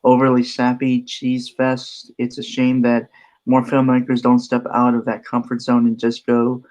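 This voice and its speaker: A man's voice: medium pitch, monotone, unhurried, a little mellow. A man hosting a podcast, reading his prepared list entries with dry asides in casual chat. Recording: dull lo-fi audio.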